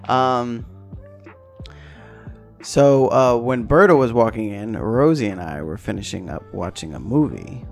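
A man's voice: mid-range voice, expressive, slow pace, gravelly, pauses often. Podcast host guy, chill rambling chat, swears a lot, laughs a bunch, bit of music under it. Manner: loose and rambling, swears freely, laughs often. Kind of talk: casual chat.

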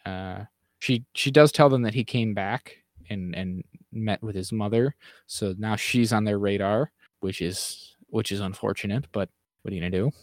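A man co-hosting a casual podcast, rambling through recaps with fillers and restarts, dropping into quick mimicked lines. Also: fairly low pitch, no room sound, studio quality. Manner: mimics characters in quick acted asides. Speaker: podcast co-host. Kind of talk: casual chat.

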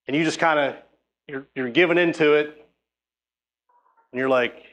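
A man's voice: fairly high pitch, moderate pace, fairly bright tone. A man preaching a sermon, reading scripture and urging listeners with emphatic, exhorting speech. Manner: emphatic, exhorting, with frequent restarts.

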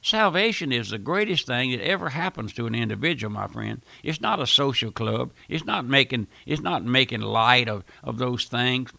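Folksy, gravelly radio preacher. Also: male voice, medium pitch, lively intonation, moderate pace, hardly any pauses, bright, forceful tone, no echo. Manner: folksy, emphatic, repeating phrases and rising to bursts of force. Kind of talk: fiery radio sermon.

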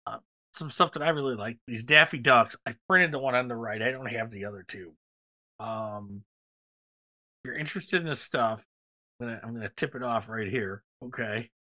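A man's voice: medium pitch, normal speed, bright, forceful tone. A man co-hosting a casual podcast chat, rambling enthusiastically with lots of fillers. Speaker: podcast co-host.

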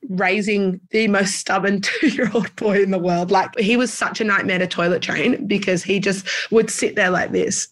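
A woman's voice: mid-range voice, fairly even intonation, normal speed, few pauses. A woman in casual chat, sharing parenting advice and animatedly acting out what her toddler says.

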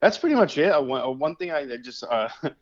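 A man's voice: on the high side, animated, fast talker, highs cut off. A man co-hosting a podcast in loose, casual chat, full of fillers and restarts, laughing easily. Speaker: podcast co-host.

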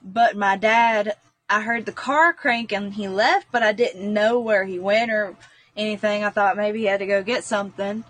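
A woman's voice: mid-range voice, steady tone, moderate pace, a bit bright. A woman, a guest earnestly recounting a personal story, rambling with frequent fillers. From North Carolina, US.

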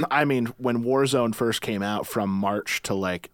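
A man's voice: medium pitch, unhurried, dry recording, studio quality. A man chatting casually as a podcast guest, loose and joking, laughing often and slipping into impression voices.

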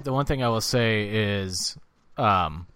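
A man co-hosting a casual wrestling chat podcast, animated and jokey, swearing freely. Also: on the low side, slow, slight background noise. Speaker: podcast co-host.

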